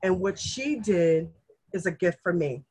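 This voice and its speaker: Earnest husky lady in her 40s or 50s, just chatting, gets lively quoting folks. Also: on the low side, unhurried. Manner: earnest, emotional storyteller, animated when quoting others. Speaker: guest sharing family history. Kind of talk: casual conversation.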